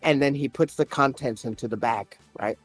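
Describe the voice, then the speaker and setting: A man's voice: mid-range voice, normal speed, dry recording, soft background music. A man on a podcast, casually telling a story, swearing often and getting worked up as he retells an argument. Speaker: podcast host. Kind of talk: casual chat.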